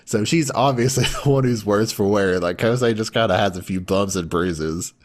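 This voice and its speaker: A man with a low voice chats casually as a podcast co-host, recapping a show. He laughs a lot and acts out the characters' lines, lifting his voice well above his usual register to quote them. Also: moderate pace. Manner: animated retelling, acts out characters' lines in a raised voice, laughs often. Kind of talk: casual chat recapping an anime.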